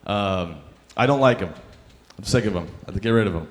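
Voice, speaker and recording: A young man works through a stand-up set on a handheld mic in a comedy club. He talks in a loose, rambling, self-deprecating way, padded with fillers, and his voice sits a little lower than most men's. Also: a little fast. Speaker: stand-up comic.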